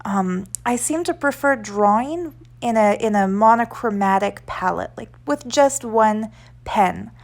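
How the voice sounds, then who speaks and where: A woman's voice: medium pitch, lively intonation, unhurried, gravelly. A woman talking casually over her own drawing video, chatty and rambling, with many fillers. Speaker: art vlogger.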